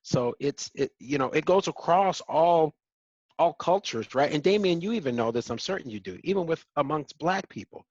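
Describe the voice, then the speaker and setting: A man's voice: fairly high pitch, animated, moderate pace, darkish tone, dry recording, highs cut off. A man hosting a panel discussion, speaking conversationally with many stammering restarts. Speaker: host.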